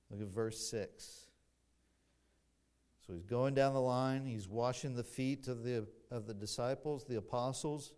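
A man preaching an expository sermon, slow and deliberate, building louder on emphatic phrases, with dry asides to the congregation. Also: mid-range voice. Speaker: pastor.

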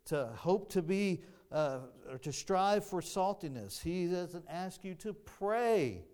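A slow-paced male pastor delivers a sermon in a deliberate, emphatic way. His voice sits a little higher than most men's. He often circles back and restarts his phrases as he builds a point. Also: animated, darkish tone, smooth.

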